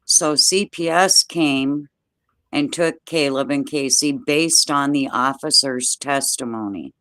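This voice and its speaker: An older woman, a guest, telling a personal story in plain, steady words with everyday dialect grammar, speaking from home over a video call. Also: rumbling low, takes it slowly, no echo.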